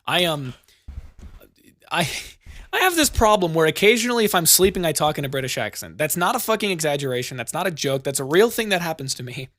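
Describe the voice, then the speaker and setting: A man's voice: a little high, expressive, fast, fairly bright tone, no echo. A young American man hosting a casual chat, rambling and swearing freely. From United States. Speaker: podcast host.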